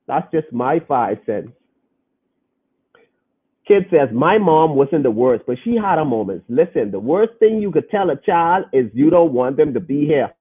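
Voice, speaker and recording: A young adult man hosts a casual podcast stream, reading viewer comments and talking earnestly, repeating phrases for emphasis. His voice is husky and on the high side, captured in lo-fi, phone-like audio.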